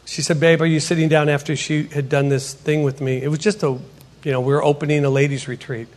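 A middle-aged man giving a spoken testimony in a church setting, an animated storyteller who acts out the dialogue. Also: mid-range voice, fairly quick. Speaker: potter and ministry speaker. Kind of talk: testimony sermon.

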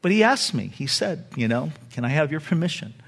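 A man's voice: on the high side, very animated, fairly quick, creaky. A middle-aged male pastor preaching a conversational, storytelling sermon to his congregation. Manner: storytelling, conversational with laughs and emphatic retellings. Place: church sanctuary.

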